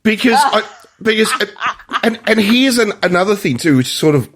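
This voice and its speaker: A man co-hosting a movie podcast, talking excitedly and rambling with frequent restarts. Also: high voice, normal speed. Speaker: podcast co-host. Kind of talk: casual movie review chat.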